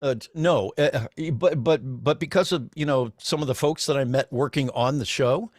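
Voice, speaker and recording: Man, middle-aged, guest storyteller, video call, dry sound, mid-pitched voice. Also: normal speed, dry recording. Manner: chatty storyteller, many restarts and laughs. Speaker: voice actor guest. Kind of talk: casual convention interview.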